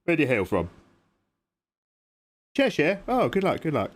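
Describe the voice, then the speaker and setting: A man's voice: fairly high pitch, wildly swooping pitch, unhurried. A British man chatting playfully and joking with viewers during a drawing livestream. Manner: playful, jokey, thanks viewers by name. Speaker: art livestreamer. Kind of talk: casual livestream chat while drawing.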